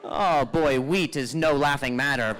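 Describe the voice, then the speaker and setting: A man's voice: medium pitch, measured pace, fairly bright tone, a little hiss or hum, poor audio. A man doing stand-up crowd work on a club stage, riffing playfully with mock exasperation and stammered restarts. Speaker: stand-up comedian. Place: comedy club stage with live audience.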